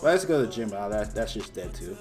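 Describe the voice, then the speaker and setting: A man's voice: fairly low pitch, sing-song, very fast, over music. A young man co-hosting a podcast in loose casual chat, swearing freely and laughing often. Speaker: podcast co-host.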